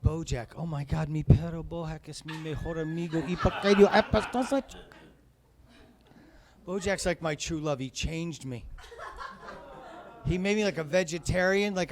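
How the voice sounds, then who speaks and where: Male stand-up comic, higher voice, profane and chatty, comedy club set. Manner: profane, conversational, rambling.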